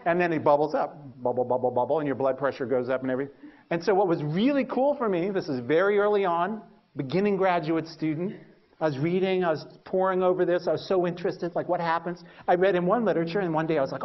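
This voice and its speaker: A man giving a university lecture, telling stories about his early research with lively, self-mocking humor and acting out his own past reactions. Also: a little high, fast talker, highs cut off. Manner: animated storytelling, acts out his past thoughts. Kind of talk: lecture with personal anecdotes.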